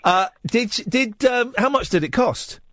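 A man hosts a late-night radio phone-in in a playful, teasing way. His voice sits high and swings widely in pitch. The studio sound is dry and close. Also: measured pace, dry recording. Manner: jokey, teasing, animated. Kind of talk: casual radio chat. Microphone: studio microphone.

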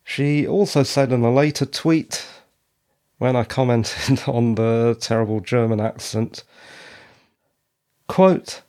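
A man hosting a review show, talking through his opinions in a measured, dryly critical way. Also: mid-range voice, fairly even intonation, dark tone. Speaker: podcast reviewer. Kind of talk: solo review commentary.

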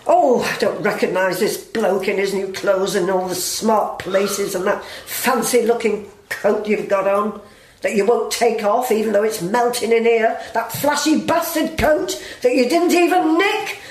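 A woman's voice: fairly high pitch, measured pace, darkish tone, close to an everyday voice. A woman acting a blunt, wounded working-class friend, speaking emotionally in slangy everyday talk. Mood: aggrieved. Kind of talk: audio drama acting. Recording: roomy echo.

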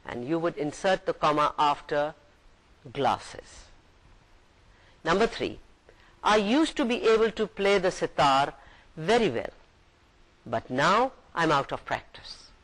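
Slow, lively lecturer. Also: male voice, on the high side, low-quality recording. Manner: patient, explains step by step and reads example sentences aloud. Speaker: university English lecturer. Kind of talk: recorded classroom lecture.

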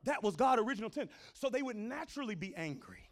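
A middle-aged man pastor preaching a sermon in folksy everyday phrasing, swinging from low talk up to loud shouted lines. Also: very animated, fast talker.

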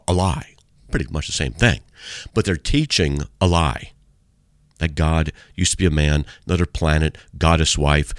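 A man's voice: very deep voice, no echo, studio quality. A man hosting a radio talk as a street evangelist, preaching in a fervent, repetitive, emphatic way.

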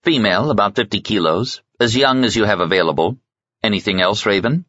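A male narrator voicing a confident male investigator who talks smoothly and persuasively, with a husky voice. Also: on the low side, a little fast, sharp tone, no room sound, pitched above the performer's own voice. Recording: slightly muffled sound.

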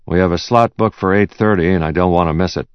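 A man's voice: low voice, quick pace, smooth, no echo, highs cut off, close to an everyday voice. Man playing a barking, domineering executive. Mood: curt. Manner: barking, impatient. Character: curt, domineering male bank executive.

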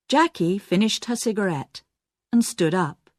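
Casting: slow, clear female narrator for a learners' story, dry close mic. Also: fairly low pitch, very animated, dry recording.

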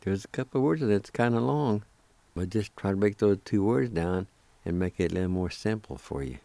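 A man's voice: fairly low pitch, lively intonation, moderate pace, vocal fry, warm tone, dry recording. A man hosting a radio language lesson, patiently spelling and sounding out words syllable by syllable. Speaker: radio host teaching a language.

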